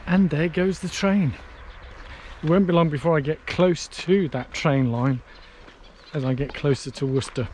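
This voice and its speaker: A man's voice: a little high, moderate pace. A man talking to camera as he walks outdoors along a canal path, tired after hours on his feet, chatty and self-mocking, thinking aloud with fillers. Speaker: vlogger on a long charity walk. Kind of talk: casual walking vlog, talking to camera. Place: outdoors on a canal towpath in hot sun.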